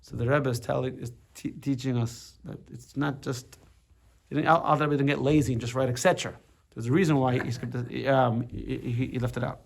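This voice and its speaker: A man's voice: mid-range voice, steady tone, fairly quick, gravelly. A man teaching a casual class on a religious text, explaining with everyday examples, often restarting and repeating words.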